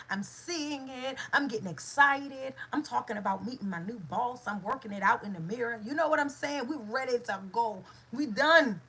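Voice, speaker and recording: Husky-voiced woman coaching with preacher-like fervor. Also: a little high, rough recording. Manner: preacher-like, repeating phrases, lively asides. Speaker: doula and manifestation coach. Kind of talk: motivational talk.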